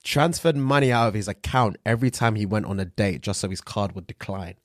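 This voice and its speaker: A man, co-hosting a podcast, reacting loudly and acting out scenes in voices. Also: on the low side, brisk, no echo, clean studio sound. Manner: animated, swearing, acts out scenes in voices. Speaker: podcast co-host. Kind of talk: casual banter.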